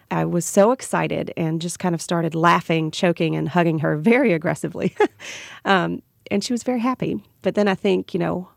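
A woman with a Southern US accent, a radio guest telling a heartfelt personal story. Her voice is gravelly with heavy vocal fry and sits a little low. The sound is close and dry. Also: darkish tone, no room sound. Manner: earnest and reflective, laughs through emotional moments.

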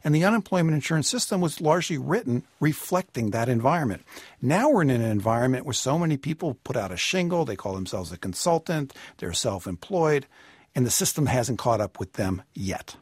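A man giving personal finance advice on a radio call-in show, measured and explanatory with a wry touch. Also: medium pitch, big pitch swings, husky, no echo, studio quality.

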